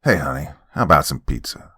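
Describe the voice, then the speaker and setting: A man voicing a stern, teasing middle-aged father with a gravelly voice and a mocking manner. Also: rumbling low, very animated, fairly quick, bright, forceful tone, no room sound, studio quality, pitched below the performer's own voice, full character voice. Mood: smug.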